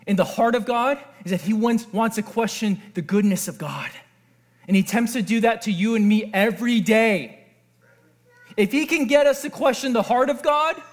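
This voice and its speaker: A man preaching a sermon as pastor, animated and asking his listeners questions. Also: extremely high pitch. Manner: animated, asks the audience questions.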